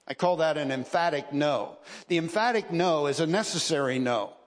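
A man's voice: a little high, expressive, normal speed, hardly any pauses. A man preaching a sermon from the pulpit, emphatic and repetitive, driving his points home with rising stresses. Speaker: pastor. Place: church sanctuary. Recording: long reverb of a large hall.

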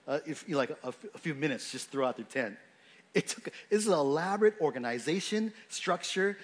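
Working through a passage of scripture, this pastor preaches off the cuff, often restarting and leaning on fillers. His voice is pitched fairly high.

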